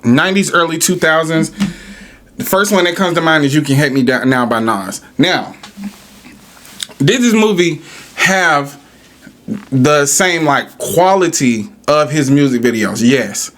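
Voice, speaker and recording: A man rants on his podcast in a fairly high voice. He is animated and profane, firing rhetorical questions and answering them himself. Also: a little slow. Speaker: podcast host. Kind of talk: casual podcast rant.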